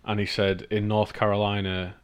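A man's voice: lowish voice, monotone, normal speed, clear, resonant tone. Sweary, laughing northeast english man. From Northeast England. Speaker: podcast co-host. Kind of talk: casual chat.

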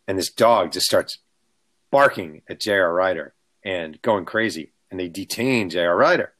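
Low-voiced man telling lively stories. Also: moderate pace. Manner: animated, acts out quotes. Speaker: author guest. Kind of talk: casual storytelling.

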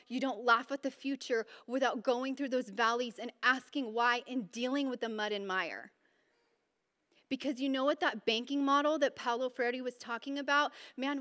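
A woman with a high, bright voice preaches in a casual, chatty way and keeps slipping into energetic bursts of emphasis. Her talk rings out with a long hall echo behind it. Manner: informal and chatty, with fillers and restarts. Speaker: women's Bible study speaker. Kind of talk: conversational sermon. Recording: reverberant hall sound.

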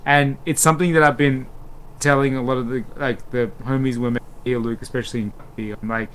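A man of middle pitch chatting loosely on a podcast. He rambles through stories with restarts and lots of fillers. A faint hiss sits under the voice. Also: fast, low-quality recording. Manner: rambling, animated storyteller. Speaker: podcast co-host. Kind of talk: casual chat.

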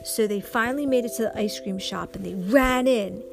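A woman telling an improvised children's story slowly and expressively, with sound effects and gasps. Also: fairly high pitch, gravelly. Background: music.

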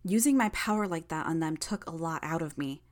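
A sharp-tongued young villainess, hurt and strained, as a woman narrator acts her out. She talks in short, breathy bursts, knowing and clipped, in an audiobook reading. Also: low voice, expressive, brisk. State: in pain, strained.

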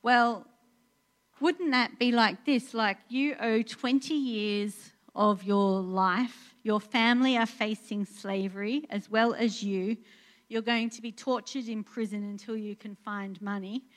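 A woman's voice: fairly high pitch, fairly even intonation, unhurried. Earnest woman preaching. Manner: conversational, earnest, many fillers and restarts. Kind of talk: sermon. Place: church in Portugal.

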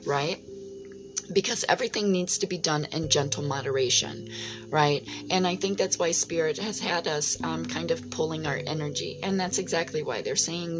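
Low-pitched woman, casual spiritual reader with a salty tongue, clear music bed underneath. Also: normal speed. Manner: frequent "right?" tags, swears casually. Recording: music playing behind.

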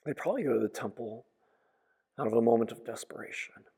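A man preaching a sermon, retelling a story in a reflective way that swings between soft and emphatic. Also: medium pitch, fast, vocal fry, slightly rough. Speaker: pastor. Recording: long echoing reverb.

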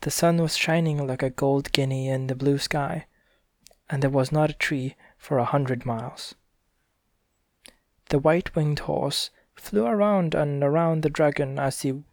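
Male reader for a bedtime story, gentle and unhurried, slightly high voice, dry close sound. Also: no room sound.

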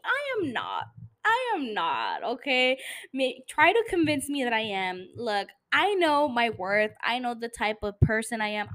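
A tipsy woman with a non-native English accent, hosting a podcast in a blunt, profane, animated casual monologue. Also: on the high side. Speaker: podcast host.

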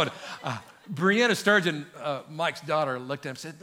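A middle-aged man preaches to his congregation in a lively, animated way, calling out to the crowd and rising into shouts. His voice sits high for a man and has a bright, forceful edge. It is a church sermon delivered in a large sanctuary. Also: fairly quick. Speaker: pastor.

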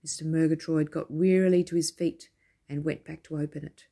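A woman reading a children's story aloud with gentle, expressive storytelling. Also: sits low, a little fast. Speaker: narrator.

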